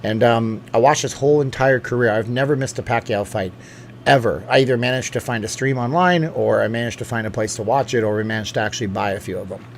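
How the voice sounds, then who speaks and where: A man's voice: medium pitch, fast talker, slight background noise. Chatty man rambling through a livestream. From lives in Las Vegas. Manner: rambling, chatty, with frequent restarts and asides. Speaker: channel host reading live chat. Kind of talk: casual livestream chat. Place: home room.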